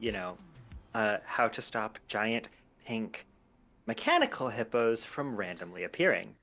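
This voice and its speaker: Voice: mid-range voice, fairly bright tone. A player in a tabletop game stream, recapping events with dry, wry understatement. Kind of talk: casual chat.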